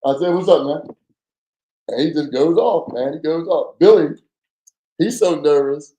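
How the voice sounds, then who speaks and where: A man telling a story as a podcast guest, animated and acting out the voices of people in it, often stammering and repeating words. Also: a little high, moderate pace, reverberant, poor audio. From New Jersey. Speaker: podcast guest, former undercover FBI agent. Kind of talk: casual storytelling.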